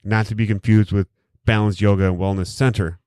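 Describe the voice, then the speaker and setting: A man's voice: on the low side, steady tone, a little fast, warm tone, clear, resonant tone, no room sound. A man hosting a casual podcast, rambling and joking with heavy profanity, recorded close on a studio mic. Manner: rambling, heavily profane, jokey. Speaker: podcast host. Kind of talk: casual chat.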